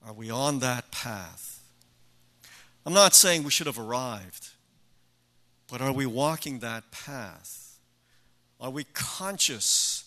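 Slow, bright-voiced older preacher. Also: male voice, mid-range voice. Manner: measured, with emphatic rhetorical questions. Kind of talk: sermon.

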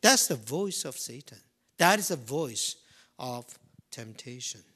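A man preaching a sermon, swinging from loud emphasis to hushed near-whispers and repeating key phrases slowly. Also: medium pitch, very animated. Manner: slow, deliberate delivery with repetition.

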